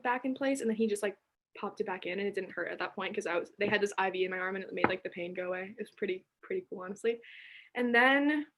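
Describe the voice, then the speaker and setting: A teenage girl telling a story as a podcast guest, chatty and animated, full of fillers. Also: medium pitch. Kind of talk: casual chat.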